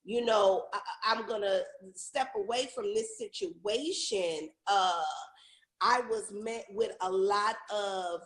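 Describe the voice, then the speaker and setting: A woman's voice: mid-range voice, slow pace. A woman guest on a podcast, telling candid stories with animation and frequent laughter. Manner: animated, laughs often, drops into playful quoted voices. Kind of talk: candid storytelling in conversation. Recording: roomy echo.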